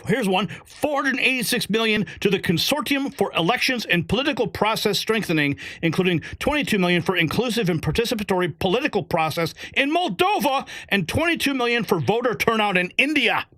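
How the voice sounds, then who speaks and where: A male host giving animated political commentary, excitable and prone to exclaiming and laughing. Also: high voice, brisk, hardly any pauses, dry recording, studio quality.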